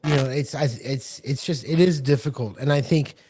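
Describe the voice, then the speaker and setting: A man's voice: medium pitch, moderate pace, darkish tone, a little hiss or hum. A man co-hosting a casual podcast as game master, rambling with many restarts. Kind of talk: casual chat.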